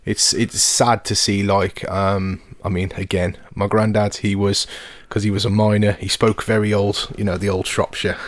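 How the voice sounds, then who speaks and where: Podcast host, male, Telford accent, low voice, dry close studio sound, chatty and loose. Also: flat delivery, normal speed, few pauses, dry recording. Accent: Telford English. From Telford, England. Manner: chatty, rambling, many fillers. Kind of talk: casual podcast chat.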